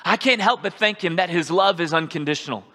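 A pastor delivering a sermon in a fairly high, bright, forceful voice. He talks conversationally, checks in with "right?" again and again, and now and then bursts into a shout. The sound carries the long reverb of a church sanctuary. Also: a little fast.

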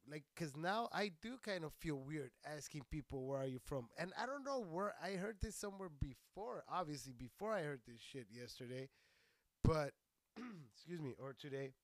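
A man from near El Paso, Texas, in a profane, rambling comic monologue, crude and animated. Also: high voice, no echo. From Socorro, Texas, near El Paso. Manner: rambling, crude and animated, laughing at his own jokes. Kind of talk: profane stand-up style monologue.

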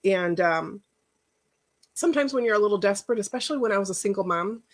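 A woman's voice: medium pitch, expressive, fast. A middle-aged woman, a life coach, giving a casual workshop talk in a chatty, personal storytelling way with rambling asides.

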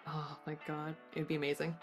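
A woman chatting as a podcast guest, agreeable and quick to laugh. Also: low-pitched, completely flat delivery, soft background music. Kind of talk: casual chat.

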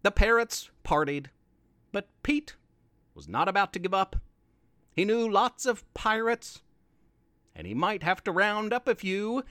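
Storybook podcast host: unhurried, lively, playful read-aloud, dry studio sound. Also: mid-range voice, no echo. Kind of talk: scripted story narration.

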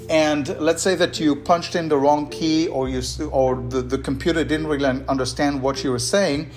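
A man hosting a solo podcast on leadership, speaking earnestly and encouragingly and repeating key words for emphasis. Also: a little high. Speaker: podcast host.

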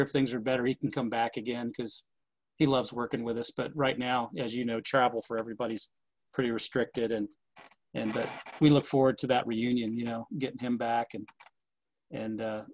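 A man's voice: mid-range voice, fairly even intonation, brisk, a little mellow, poor audio. A man in casual conversation about running a historic distillery, rambling with many fillers and restarts.

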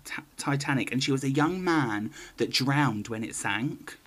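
A man co-hosting a podcast, telling a story in casual chat with wry, deadpan asides and frequent ums. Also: medium pitch, a little slow. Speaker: podcast co-host.

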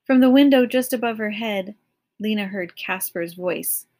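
A woman narrating an audiobook chapter in a measured, expressive storytelling manner. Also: medium pitch. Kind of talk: audiobook reading of a novel.

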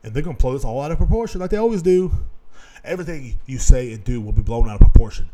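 A man hosting his own podcast alone, in a profane, rambling rant that swings between loud outbursts and low mutters. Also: expressive, quick pace. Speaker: podcast host.

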